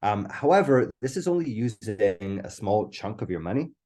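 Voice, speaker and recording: A low, mellow-voiced man presenting a live online webinar into a computer mic. His voice is going a little hoarse. He talks eagerly and keeps tagging "right?" onto his points. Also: sing-song, normal speed. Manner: enthusiastic, keeps asking "right?".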